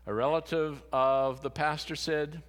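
A man preaching a sermon as pastor, earnest and solemn, often dropping to a hushed voice. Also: medium pitch. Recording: long hall reverb.

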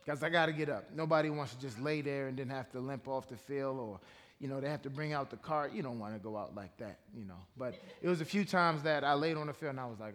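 A man from Washington, D.C., a former pro football player, tells stories in a relaxed, joking way and speaks sincerely about his faith in front of a church audience. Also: medium pitch, quick pace. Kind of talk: relaxed storytelling interview. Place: church stage before a congregation. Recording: long reverb of a large church hall.

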